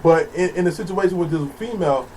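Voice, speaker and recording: A man co-hosting a podcast, telling a story in a casual, animated way and laughing often. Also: sits high, quick pace, a crowd in the background. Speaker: podcast co-host. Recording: distant mic with faint background noise.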